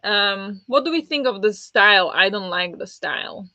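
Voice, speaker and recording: A woman's voice: medium pitch, lively intonation, moderate pace, pushed and bright, no echo. A woman hosting a live book discussion stream, chatting casually and greeting viewers by name with lots of ums. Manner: chatty and friendly, many ums, answers chat by name. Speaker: livestream host of a book readalong. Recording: dull lo-fi mic, dry.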